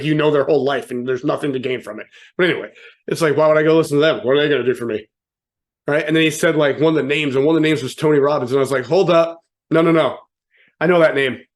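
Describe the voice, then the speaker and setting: Motivational speaker, male, slightly high-pitched, casual and jokey, throws in acted-out quotes. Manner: casual, joking, lots of "right?" asides; acts out quotes with sudden voice changes. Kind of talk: live motivational talk.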